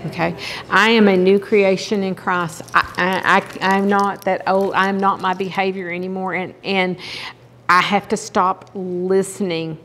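A woman's voice: medium pitch, flat delivery, unhurried, fairly bright tone. An older woman giving an earnest, conversational chapel sermon, often checking in with "okay?". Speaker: chapel speaker. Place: chapel hall. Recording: long hall reverb.

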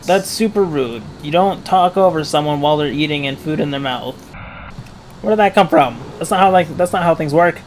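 A man's voice: a little high, a little fast, poor audio. A man hosting a let's play with jokey gaming commentary and dramatic mock complaints. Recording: game noise loud behind.

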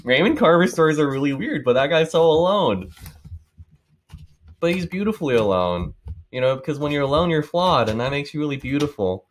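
Rambling young man with a lively voice. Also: on the high side, brisk, a little hiss or hum. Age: 20s. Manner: rambling, swearing, laughing often. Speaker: book reviewer. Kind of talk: casual one-take monologue.

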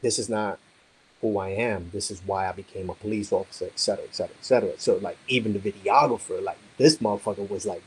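A police officer talking casually in blunt, profane street slang, rambling with lots of "you know". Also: male voice, fairly low pitch, fast, a little hiss or hum, rough recording. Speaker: police officer, coaching client. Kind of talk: casual conversation on a call.

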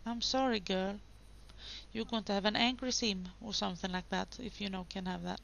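A woman's voice: mid-range voice, steady tone, normal speed, creaky, a bit bright. A woman hosting a gaming video, giving casual commentary and chatting to the game characters.

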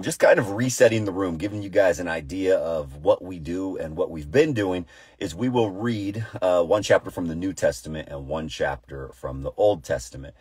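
Pastor guy doing a morning devotional stream from his car, deep and kinda husky. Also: no echo, studio quality. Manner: upbeat, conversational, then prayerful and hushed. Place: inside a parked car.

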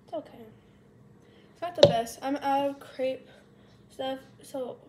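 A woman's voice: sits high, slow. A woman casually talking through a cooking tutorial at home, chatty and self-mocking, thinking aloud as she goes. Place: home kitchen. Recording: kitchen fan noise behind. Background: loud kitchen fan.

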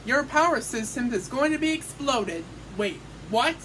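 Here is a woman with a high voice who talks slowly and playfully, breaking into squealy exclamations as she voices toy characters in a homemade skit. Steady hiss sits under the home recording. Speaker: hobby video host voicing toy characters.

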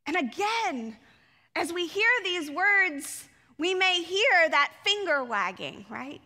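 Woman pastor preaching slowly in a reverberant church sanctuary, high voice. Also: sing-song, bright, forceful tone. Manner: reflective, asks the congregation rhetorical questions. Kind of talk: sermon.

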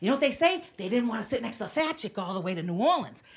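A woman's voice: fairly high pitch, big pitch swings, racing, breathy edge. A woman comedian doing a brash, self-mocking stand-up routine in a small studio, teasing the audience. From United States.

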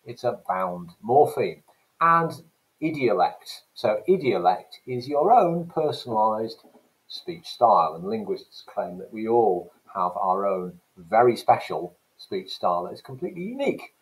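A man's voice: low-pitched, rough recording. A man teaching an English language class, explaining terms carefully and emphatically, at times mimicking accents to demonstrate them. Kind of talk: recorded lesson.

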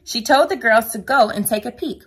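A woman reading a children's picture book aloud at home, lively and playful, with a sing-song delivery. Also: on the high side, normal speed, breathy edge.

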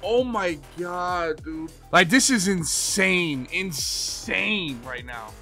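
A man streaming a football video game, swearing, yelling in frustration, then muttering low. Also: lively intonation, slow, vocal fry, soft background music. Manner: profane, swings from yelling rants to low muttering. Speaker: gaming streamer. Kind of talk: live gameplay commentary.

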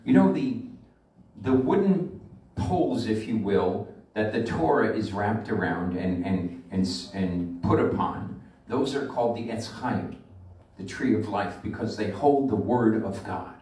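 A man, a rabbi, delivering a sermon with emphatic preaching that slows and swells on scripture, recorded in a synagogue sanctuary. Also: on the low side, animated, mellow. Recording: echoey room from far off the mic.

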